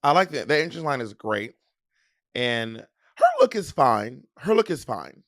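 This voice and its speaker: A man co-hosting a casual chat, animated, profane and giggly. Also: mid-range voice, unhurried, dry recording, studio quality. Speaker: co-host. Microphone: desk mic at a computer, streaming live.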